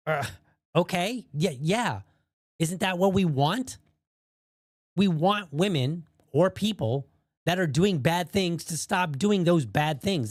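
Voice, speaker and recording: A man's voice: a little high, no echo, studio quality. A man hosting an opinion podcast, talking bluntly and heatedly and swearing freely as he argues his point. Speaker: podcast host.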